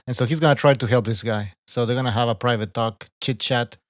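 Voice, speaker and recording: A man hosts a boxing podcast live stream at a middle pitch, thanking viewers and reading from the chat. The sound is close and dry. He keeps a casual, loose tone. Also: steady tone, quick pace, dry recording. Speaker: podcast host.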